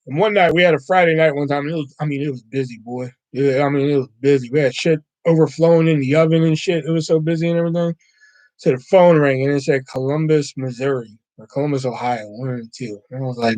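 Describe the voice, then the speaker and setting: A man's voice: fairly high pitch, fairly even intonation, fast, a little mellow, dry recording. A man on a livestream telling rambling, profane stories, often acting out callers. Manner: profane, rambling, quotes callers in shifting voices. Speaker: livestream host. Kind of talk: casual storytelling chat.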